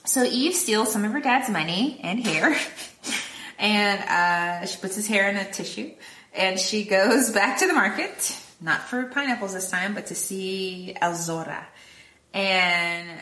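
A woman's voice: mid-range voice, measured pace, pushed and bright. A woman co-hosting a podcast, recapping a film plot casually in a rambling way, full of fillers and acted-out quotes. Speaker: podcast co-host. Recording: echoey room.

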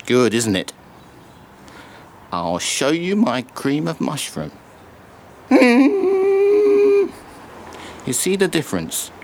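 A smarmy soup-imitating oddball. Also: male voice, mid-range voice, big pitch swings, takes it slowly, pauses often, slight background noise. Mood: ingratiating. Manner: smarmy, self-satisfied, making slurping sounds. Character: odd, overly friendly man who imitates soups.

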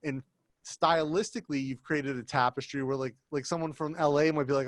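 A man in his thirties co-hosts a podcast with a loose, joking manner, slipping into put-on voices now and then. His voice sits a little high, and the sound is dry and close. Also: fairly even intonation, a little fast, no room sound. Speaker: podcast co-host. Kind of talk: casual podcast chat.

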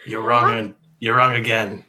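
A man's voice: medium pitch, little pitch movement, measured pace, pushed and bright. A man playing a skeleton in a tabletop game, goofy, with dry asides. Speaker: player.

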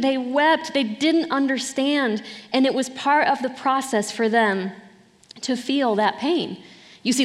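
A woman preaching a sermon in a conversational way, often checking in with her listeners. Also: high voice. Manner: conversational, often asks "right?". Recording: hall reverb.

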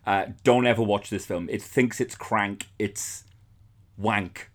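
A man with a slightly low voice, talking in a blunt, casual way. He swears freely and dismisses things with scathing one-liners as a podcast co-host. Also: steady tone, slow, slight background noise. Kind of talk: casual chat.

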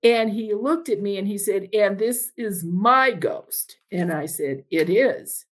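A woman and podcast host telling a long personal anecdote, chatty and animated as she acts out the dialogue. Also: mid-range voice, takes it slowly. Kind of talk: storytelling anecdote.

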